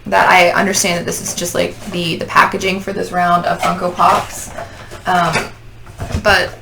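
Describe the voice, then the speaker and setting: A woman hosts a casual unboxing chat, talking in a gushing, sentimental way with many ums. Her voice has a gravelly fry. Clear clicking noises sit behind her voice. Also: mid-range voice, background noise. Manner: gushing, sentimental fan talk with many fillers. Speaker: podcast host.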